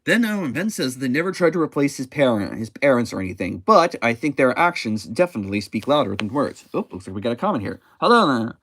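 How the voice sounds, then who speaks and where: A man casually reviewing a comic book, talking in a halting way with frequent restarts and self-corrections. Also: mid-range voice, big pitch swings, a bit bright, no echo.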